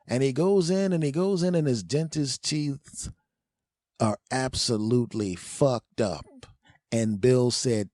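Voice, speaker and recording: A man's voice: mid-range voice, no room sound, clean studio sound. A man hosting a podcast, rambling through a comic story and acting out the quotes in exaggerated voices. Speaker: podcast host. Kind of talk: comedic storytelling monologue.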